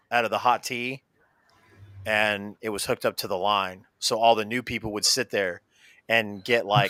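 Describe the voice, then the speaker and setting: A man bantering on a casual talk show, loud and quick to swear. His voice is bright and forceful and sounds close to the mic. There is no room echo on it. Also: medium pitch. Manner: loud, joking, swears freely. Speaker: podcast co-host.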